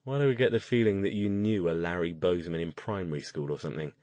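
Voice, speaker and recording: A man's voice: deep voice, fast talker, darkish tone, no echo, lightly acted. A man voicing a sardonic, weary British mage with a British accent. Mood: wry. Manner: dry, sardonic.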